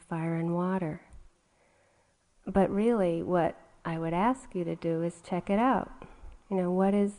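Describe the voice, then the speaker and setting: A middle-aged woman teaching meditation in a gentle, conversational dharma talk, often saying "you know". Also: lowish voice. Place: meditation retreat hall.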